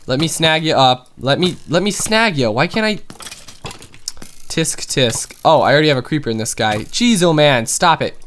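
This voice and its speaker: A young man chatting casually through gameplay commentary, excitable and full of fillers. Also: fairly high pitch, normal speed, slight background noise. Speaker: gaming YouTuber.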